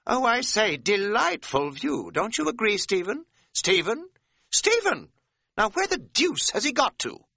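A fussy, pompous upper-class gentleman with a plummy posh English accent. The voice is pitched far above the reader's own and flutes theatrically. It is bright and dry, close on the mic. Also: big pitch swings, normal speed, vocal fry, few pauses, no echo, heavily acted. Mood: affected mock-posh. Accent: posh English, put on.

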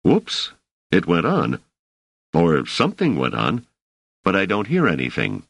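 A wry, impatient scholarly man from an audiobook, as a deep-voiced male narrator plays him. The voice is very low but moves a lot in pitch, with dry irony and little patience. The recording is close and dead dry. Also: big pitch swings, a little slow, fairly bright tone, no room sound, full character voice. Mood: surprised. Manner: dryly ironic, exasperated.

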